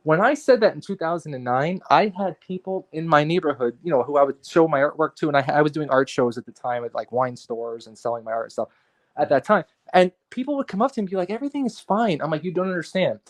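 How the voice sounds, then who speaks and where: A man talking in a casual podcast conversation, animated and profane, repeating himself as he rants. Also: on the high side, quick pace. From New York area. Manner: animated, profane, ranting with repetitions. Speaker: guest artist and photographer.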